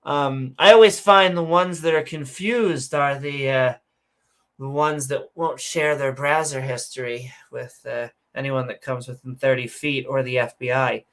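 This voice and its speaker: Slow, rambling woman podcast host. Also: very deep voice, fairly even intonation, fairly bright tone. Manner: rambling, lots of fillers and self-corrections; sarcastic, joking. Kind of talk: casual podcast chat reading out viewer comments.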